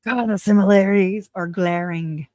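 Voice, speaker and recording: A woman's voice: medium pitch, steady tone, moderate pace, a little mellow, no room sound, lo-fi sound. A woman hosting a commentary channel, cutting in with short sarcastic remarks. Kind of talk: reaction commentary.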